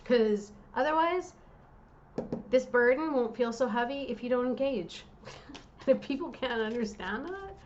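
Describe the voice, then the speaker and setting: A woman's voice: sits high, expressive, a little slow, muffled recording, a little hiss or hum. A woman tarot reader talking straight to her viewers, worked up and direct as she gives a reading.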